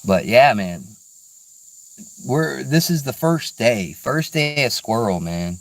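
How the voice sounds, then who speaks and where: His medium-pitched voice swings widely in pitch and moves slowly, with no echo. A middle-aged man vlogging about hunting in the woods, he's easygoing and rambling, full of "dude" and "man."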